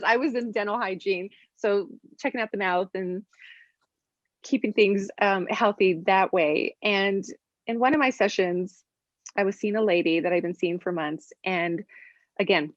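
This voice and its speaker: A woman's voice: medium pitch, no echo. Woman practitioner, chatty storyteller, acts out quotes; dry, muffled lo-fi recording. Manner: animated, acts out quoted voices in stories. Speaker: functional medicine practitioner. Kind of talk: conversational explanation and storytelling. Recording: dry, dull lo-fi sound.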